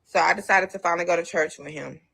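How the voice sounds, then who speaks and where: A woman's voice: on the low side, fast, creaky, sharp tone, slightly rough. A woman talking on her livestream, tearful, rambling and defensive. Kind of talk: emotional live stream talk.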